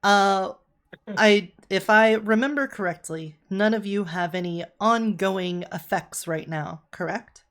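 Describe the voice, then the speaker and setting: A woman narrating as game master of a tabletop game, relaxed and descriptive with fillers. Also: mid-range voice, unhurried.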